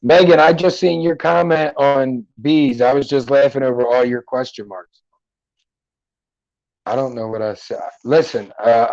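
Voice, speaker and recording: A man's voice: mid-range voice, darkish tone, dry recording, muffled recording. Joking, profane man hosting a livestream. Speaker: livestream host. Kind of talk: casual chat reading live comments. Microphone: headphones and mic at a computer.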